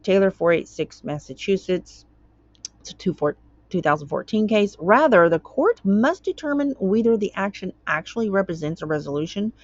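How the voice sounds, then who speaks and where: A woman's voice: mid-range voice, no echo, muffled recording. A woman hosting her own channel, reading a court document aloud and commenting on it in a chatty way, tripping over words and wandering into tangents.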